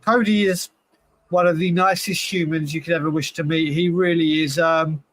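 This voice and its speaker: A man's voice: fairly high pitch, fairly even intonation, moderate pace, fairly bright tone, no room sound. A man co-hosting a casual livestream, speaking earnestly and directly and often starting with "listen". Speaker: livestream co-host. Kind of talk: casual chat.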